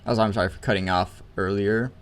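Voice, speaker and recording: A man's voice: on the low side, steady tone, fast talker. A man hosting a let's play, chatting casually and correcting himself as he plays. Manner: rambling and self-correcting. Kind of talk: casual game commentary.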